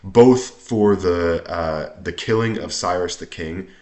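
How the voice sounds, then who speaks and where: A man reading aloud from an old text and explaining it line by line, halting often with ums and self-corrections. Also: sits low. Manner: reads the old text more loudly than his explanations. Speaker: language teacher reading aloud. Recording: echoey room.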